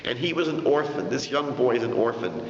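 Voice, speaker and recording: A man's voice: medium pitch, animated, a little fast, a little hiss or hum, close to an everyday voice. A man telling a story and voicing a young rabbi who pleads earnestly and thanks effusively. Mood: pleading. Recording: dull echoey hall.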